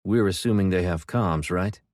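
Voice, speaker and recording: A man voicing a gruff army team leader barking brisk orders. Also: low voice, a little mellow, dry recording, close to an everyday voice. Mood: questioning.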